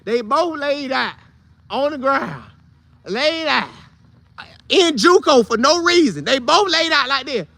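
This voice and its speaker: A man telling a funny old football story casually, with loud sound effects and vivid retelling. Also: very high-pitched, lively intonation, a little slow, vocal fry, long pauses, no room sound. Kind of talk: animated storytelling.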